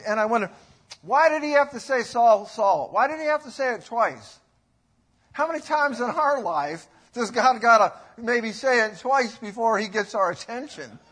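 High-voiced folksy male preacher. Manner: folksy, rambling, rising to loud bursts when quoting. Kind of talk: sermon.

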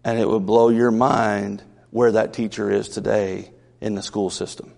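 A man's voice: lowish voice, flat delivery, measured pace, vocal fry, darkish tone, big-room sound. A man from the South, a pastor preaching a Wednesday night sermon in an earnest, conversational way with asides. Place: church sanctuary.

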